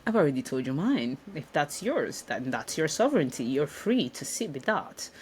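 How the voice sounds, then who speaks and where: A woman's voice: sits low, sing-song, moderate pace. A woman giving a casual spiritual self-development talk in a room, speaking reflectively with frequent restarts and ums. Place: indoor room.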